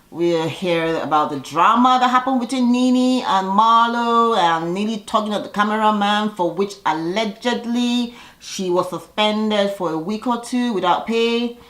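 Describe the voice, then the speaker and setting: A woman chatting casually as she recaps a reality TV episode, sassy and full of quick asides. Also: mid-range voice, animated, a bit bright, roomy sound, low-quality recording.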